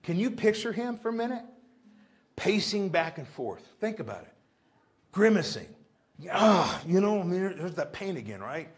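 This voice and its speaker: A man's voice: high voice, big pitch swings, normal speed. A male pastor, preaching a sermon and often asking the congregation rhetorical questions. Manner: acts out pleading prayers in a raised voice. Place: church.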